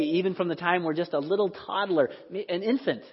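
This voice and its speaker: In an echoey hall with dull, lo-fi audio, a male pastor delivers a sermon through conversational storytelling, performing the voices he quotes. His husky voice sits high and moves fairly quickly.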